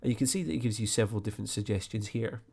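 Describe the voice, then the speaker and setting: A man hosting a screen-recorded flight sim tutorial, explaining step by step in a relaxed way with frequent fillers. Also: on the low side, racing, vocal fry.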